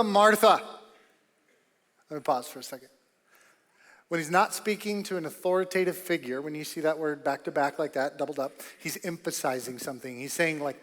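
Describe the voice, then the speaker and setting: Pastor, man, high-pitched, emphatic sermon delivery, long church-hall reverb. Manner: emphatic, rising to loud bursts, repeats key phrases. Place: church auditorium.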